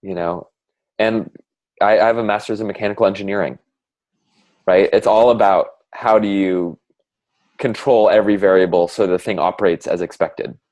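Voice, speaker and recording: Deep-voiced man, reflective and halting. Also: fairly even intonation, a little mellow. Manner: reflective and halting, many "like" fillers. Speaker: conversation partner sharing reflections. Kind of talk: casual heartfelt conversation.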